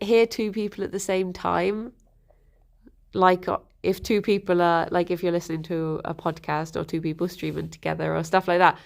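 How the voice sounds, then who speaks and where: Chatty woman streamer with vocal fry. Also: lowish voice. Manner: chatty, reads and answers chat, coos to her rabbits. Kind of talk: casual livestream chat.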